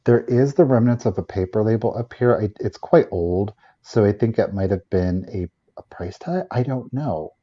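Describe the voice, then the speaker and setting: A man's voice: fairly low pitch, animated, moderate pace, few pauses, warm tone, muffled recording. A man hosting a live vintage sale, chatting enthusiastically as he shows items and runs the bidding. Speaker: live auction seller.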